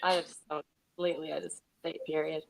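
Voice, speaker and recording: A woman's voice: sits low, flat delivery, fairly quick, gravelly, poor audio. A woman calling in as a guest on a livestream talk show, talking hesitantly with lots of "like" and restarts. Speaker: call-in guest. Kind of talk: casual chat.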